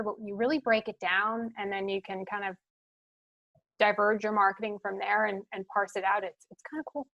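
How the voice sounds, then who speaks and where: A woman from the Philadelphia suburbs in the USA, with a light Philadelphia accent, speaks at medium pitch and normal speed in a flat, slightly bright voice over dull audio. She's a marketing leader appearing as a guest on a casual podcast, thinking aloud with lots of fillers.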